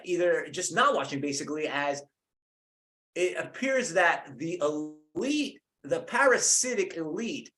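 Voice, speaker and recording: A man's voice: a little high, a bit bright. A man hosting a podcast, delivering a heated, profane, rambling solo rant. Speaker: podcast host.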